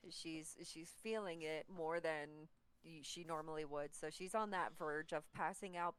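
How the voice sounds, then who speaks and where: Low-voiced woman player. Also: clean tone. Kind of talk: explaining her character.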